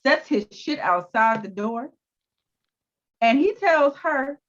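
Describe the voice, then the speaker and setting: A woman co-hosting a casual review chat, recapping scenes in an animated, profane way. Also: high-pitched, slow pace. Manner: animated recapping with acted-out quotes. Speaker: co-host. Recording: dull lo-fi sound.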